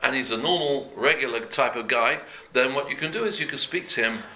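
A man's voice: medium pitch, fairly quick, pushed and bright, a little hiss or hum. A man teaching a daily Jewish law class in an earnest, conversational way, repeating and rephrasing each point as he explains it. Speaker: Torah teacher. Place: room before a talk.

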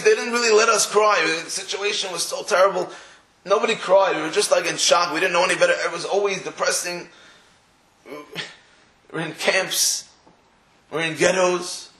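Guy preaching, tells it like a story, does little voices, pretty high voice, echoey room. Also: a bit bright. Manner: storytelling, acts out quoted voices; mixes Hebrew and Yiddish terms. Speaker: religious speaker. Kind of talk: sermon. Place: room in England.

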